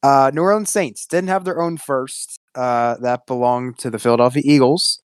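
Smooth-voiced young man moderating a sports podcast. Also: mid-range voice, dry recording, clean studio sound. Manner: brisk, steers the talk, reads out picks. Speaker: podcast host running the segment.

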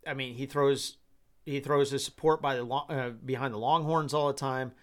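A man hosting a solo podcast, giving rambling commentary in an animated way and laughing often. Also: medium pitch, moderate pace. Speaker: podcast host.

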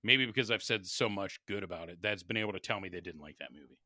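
A man's voice: low-pitched, quick pace, pushed and bright, no room sound, studio quality. A man co-hosting a casual podcast chat, speaking hesitantly with frequent restarts and laughs. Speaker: podcast co-host.

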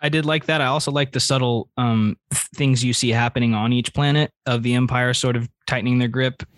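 A man's voice: medium pitch, fairly even intonation, a little fast, no echo. A man co-hosting a podcast, speaking in casual chat, hesitant and full of restarts. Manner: hesitant, lots of fillers and restarts. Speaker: podcast co-host.

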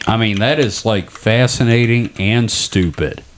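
Brief: young male podcast host, low voice, loose, profane, joking banter. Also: measured pace, slight background noise. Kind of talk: casual podcast chat.

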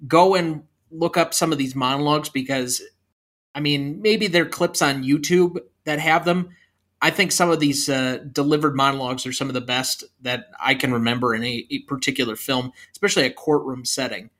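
A man with a fairly high, bright, forward voice co-hosts a casual film podcast. He chats through the episode and reads lines from the movie aloud with a touch of performance. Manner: reads movie quotes aloud in a lightly acted voice. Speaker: podcast co-host.

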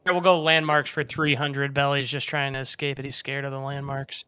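A man's voice: medium pitch, little pitch movement, a little fast, pushed and bright, clear, resonant tone. A man co-hosting a podcast, playing a trivia game with cocky, joking banter and swearing. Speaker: podcast co-host, trivia contestant. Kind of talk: casual banter.

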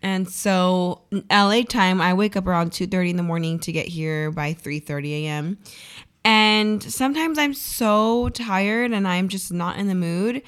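A woman's voice: medium pitch, measured pace, clear, resonant tone. Chatty woman radio co-host. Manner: chatty, animated storytelling with many fillers. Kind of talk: casual chat. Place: radio studio.

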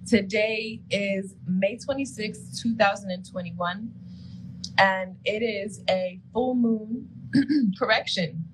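A woman's voice: medium pitch, takes it slowly, slight background noise, poor audio. A woman co-hosting a casual live-stream show and breaking down astrology, talking loosely with lots of "like" and often laughing. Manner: chatty, uses "like" a lot, laughs often. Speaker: co-host.

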